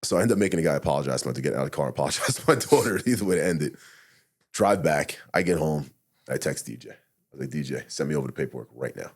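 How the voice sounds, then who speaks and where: Deep, husky, fast-talking retired cop. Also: male voice. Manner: blunt, profane, animated retelling with acted-out inner quotes. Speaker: retired police officer, podcast guest. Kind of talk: casual storytelling interview.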